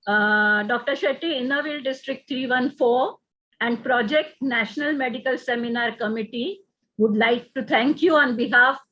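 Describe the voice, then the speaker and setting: A polite woman moderating a seminar, her voice fairly high and slightly hesitant. The recording sounds dull and lo-fi. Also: normal speed, fairly bright tone. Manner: polite, hesitant with many fillers.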